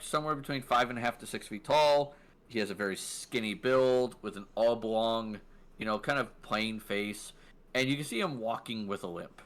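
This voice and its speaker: A man narrating a tabletop role-playing game as dungeon master, relaxed, with fillers and laughs. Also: mid-range voice.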